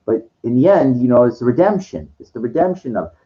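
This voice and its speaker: Rambling man, muffled lo-fi sound. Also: big pitch swings. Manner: rambling, many restarts and "you know" fillers, mimics film lines in a low slow voice. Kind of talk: rambling casual monologue.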